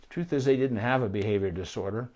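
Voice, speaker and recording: Man explaining puppy training calmly. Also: on the low side, fast talker. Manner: conversational, explanatory, with asides and restarts. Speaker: veterinarian. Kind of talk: informal teaching on puppy training.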